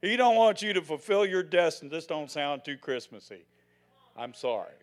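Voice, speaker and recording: Older male preacher, high voice, folksy and theatrical, loud to hushed. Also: big pitch swings, moderate pace. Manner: dramatic, swings from loud to hushed; folksy, acts out the scenes he tells. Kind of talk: sermon.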